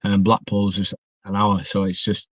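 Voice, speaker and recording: A man's voice: fairly low pitch, completely flat delivery, normal speed, no echo. A young man, chatting as a podcast guest in a rambling way full of restarts and fillers. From northwest England. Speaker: guest wrestler. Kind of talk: casual podcast chat. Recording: dry, dull muffled recording.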